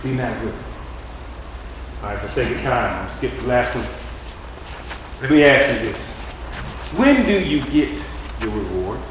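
A man preaching a sermon in a conversational style, repeating his phrases and swinging between loud and quiet. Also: medium pitch, big pitch swings, normal speed, pauses often, noisy background. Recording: echoey room from a distant mic.

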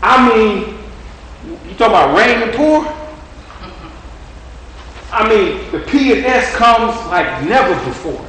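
A man preaching a sermon in a high voice, talking to the congregation and repeating phrases as he builds up and then drops low. He is picked up from a distant mic in a very echoey hall, with faint noise underneath. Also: sing-song, slow, pauses often. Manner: conversational preaching, repeats phrases, rises and quiets.

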